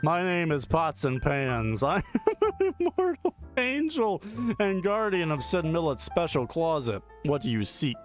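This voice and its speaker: A man's voice: fairly high pitch, big pitch swings, unhurried, faint music behind. A man voicing an immortal angel guardian who speaks in a formal, ceremonial way. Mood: solemn. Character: grand immortal angel guardian, male, solemn.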